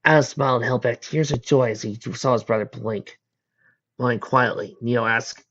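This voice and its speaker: A man's voice: mid-range voice, steady tone, normal speed, a bit bright. A man reading fan fiction aloud in a plain manner, with some slips. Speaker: audiobook reader. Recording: dull lo-fi recording.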